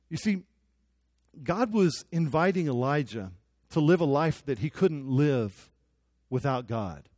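A man's voice: fairly high pitch, lively intonation, a little slow, pauses often, darkish tone, no room sound. A young man preaching a sermon, telling the story with jokes and acted-out quotes. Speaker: pastor.

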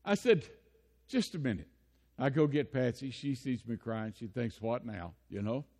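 A man's voice: mid-range voice, moderate pace, a little mellow. Older preacher man in a reverberant hall. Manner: folksy storytelling that builds to impassioned preaching. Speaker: pastor. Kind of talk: sermon.

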